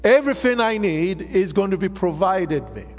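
A man's voice: high-pitched, animated, a little mellow. A man preaching a sermon, calling on the congregation to repeat after him and drawing out his emphatic phrases. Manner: call-and-response preaching, drawn-out emphatic phrases. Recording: music under voice, long hall reverb.

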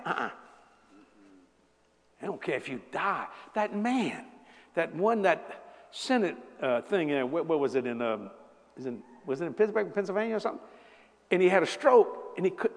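A man in his seventies preaching a sermon to a congregation, telling humorous stories with lively asides to the people in front of him. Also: high-pitched, normal speed, long pauses. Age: 70s. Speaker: pastor. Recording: long hall reverb.

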